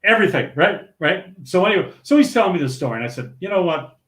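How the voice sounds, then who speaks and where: This former pro bowler, an older man from St. Paul, Minnesota, talks fast in a high-pitched voice as a podcast guest. His story is casual and lively, punctuated by laughter and frequent restarts, recorded with a roomy echo.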